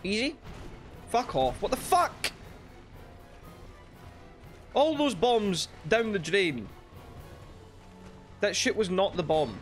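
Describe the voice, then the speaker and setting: A man giving let's play commentary, swearing and shouting frustrated outbursts at the game. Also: high-pitched, sing-song, slow, long pauses, faint music behind. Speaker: gaming YouTuber.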